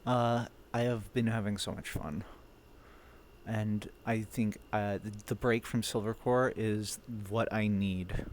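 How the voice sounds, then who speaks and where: A man's voice: on the low side, fairly even intonation, slow, slight background noise. A man streaming a roleplay game, chatting casually and swearing freely. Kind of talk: casual chat between roleplay scenes.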